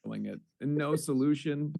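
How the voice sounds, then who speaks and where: A man's voice: a little high, moderate pace, vocal fry, dark tone. A man in his thirties hosting a casual chat, riffing with dry jokes. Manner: dry, joking riffs. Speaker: host.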